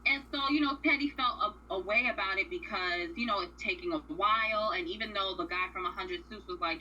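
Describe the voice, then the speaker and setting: A woman's voice: on the low side, a little fast, hardly any pauses, sharp tone, highs cut off, slight background noise. A woman co-hosting a radio show, casually recapping a reality series in a blunt, profane, opinionated way.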